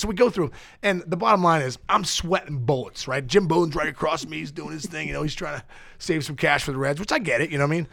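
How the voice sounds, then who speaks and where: Excitable gravelly man telling a story. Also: fairly high pitch. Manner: excitable, acts out quotes, laughs often. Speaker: podcast guest, former ballplayer. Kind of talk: animated storytelling.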